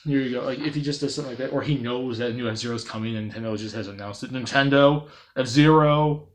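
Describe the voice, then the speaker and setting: A man giving unscripted gaming commentary, rambling and excitable, with many fillers and restarts and loud bursts into playful sound effects. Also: mid-range voice, racing. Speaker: gaming video creator.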